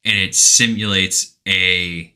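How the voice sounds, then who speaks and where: A man's voice: low voice, fairly even intonation, slow, pushed and bright. A man co-hosting a podcast, casually retelling a game's story and acting out quoted lines with animation. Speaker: podcast co-host. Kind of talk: casual chat retelling a game plot.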